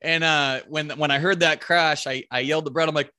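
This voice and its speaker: A man casually telling a hunting story, animated and swearing freely, acting out what was said with a loud raised voice. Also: a little high, brisk.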